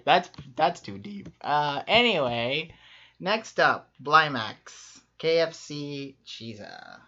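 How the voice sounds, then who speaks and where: A man co-hosting a casual chat, talking quickly with lots of fillers and laughs. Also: fairly high pitch, expressive, pushed and bright. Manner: quick, upbeat, laughs often, many fillers. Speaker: co-host ranking players. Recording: muffled lo-fi audio.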